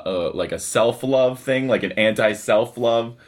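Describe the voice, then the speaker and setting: A man on a casual podcast who talks in halting, hesitant stretches. His voice sits at an ordinary pitch. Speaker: podcast co-host. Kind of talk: casual chat.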